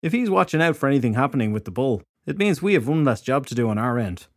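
A gruff, sardonic fairy detective, read by a male narrator in a storybook audiobook. He talks with dry sarcasm and gives little away. The sound is close and dry. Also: mid-range voice, lively intonation, fast talker, no room sound, pitched above the performer's own voice, natural voice.

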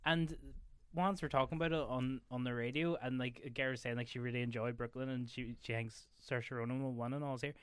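A man's voice: medium pitch, fairly even intonation, brisk, clean tone, no room sound. A man from Ireland co-hosting a casual film chat, telling stories in a sweary rant. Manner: sweary, ranting storyteller. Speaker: podcast co-host.

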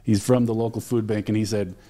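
Low, mellow-voiced man telling stories. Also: little pitch movement, a little fast. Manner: enthusiastic storyteller, frequent fillers. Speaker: alumni relations director, guest. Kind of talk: casual studio conversation. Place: radio studio.

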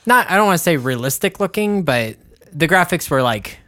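A man's voice: fairly high pitch, lively intonation, normal speed, a bit bright, dry recording, studio quality. A man hosting a casual chat who laughs often and explains things at length. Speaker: podcast host.

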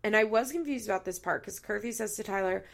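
A woman in her thirties hosts a recap podcast with a heavily gravelly, fry-laden voice. She sounds tearful yet blunt, swearing freely and doubling back on her own sentences. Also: mid-range voice, quick pace. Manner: blunt and profane, rambling with self-corrections. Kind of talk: candid casual chat.

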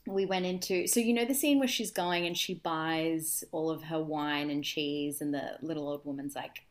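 Young woman on a chat podcast, lowish voice, animated storytelling with wry jokes. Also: moderate pace. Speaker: podcast co-host. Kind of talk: casual chat.

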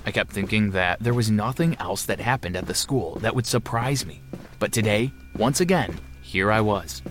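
A man reading a first-person story aloud in a steady, even narration. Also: fairly low pitch.

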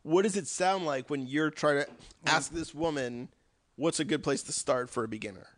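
A man hosting a casual chat who keeps cutting in with quick jokes and questions. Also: fairly high pitch, no room sound. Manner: jokey, interjecting with quick quips.

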